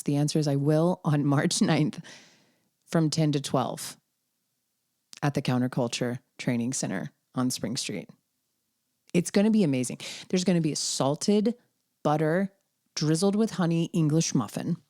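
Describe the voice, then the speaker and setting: Bubbly, low-voiced woman podcast host. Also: no room sound, studio quality. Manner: bubbly, excitable, rambling. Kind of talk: casual podcast promo.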